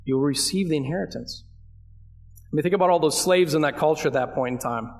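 Casting: man, fairly high voice, pastor delivering a sermon, chatty and emphatic. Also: a little fast. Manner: conversational, asks the congregation questions; emphatic, leans on key phrases.

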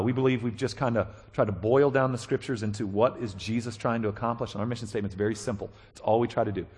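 A male pastor preaching a conversational sermon, animated, checking in with his listeners and acting out quoted voices. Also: on the low side, breathy edge.

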